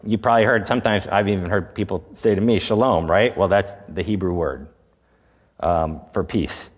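A lower-voiced man preaches in a church sanctuary, and the long reverb of the hall hangs behind his words. His style is conversational, with rhetorical questions he answers himself. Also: normal speed, dull audio. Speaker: pastor. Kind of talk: sermon.

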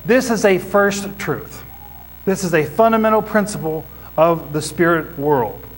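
A man with a notably high-pitched voice preaches to a congregation in church. He teaches point by point and often turns to his listeners with questions. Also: expressive, unhurried, rough recording. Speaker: pastor. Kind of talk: sermon.

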